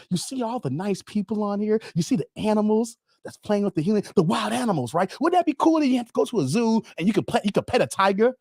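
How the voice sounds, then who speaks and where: A man voicing an eager, polite male door-to-door preacher who pitches earnestly and chats in quick asides. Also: no room sound, clean studio sound. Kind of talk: comedic skit on a livestream.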